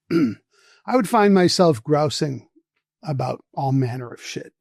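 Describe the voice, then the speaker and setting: Lively storytelling man in his sixties. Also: on the high side, slow, gravelly, no echo, clean studio sound. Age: 60s. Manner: animated, profane anecdotes with quoted voices. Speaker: podcast guest. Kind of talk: storytelling in casual conversation.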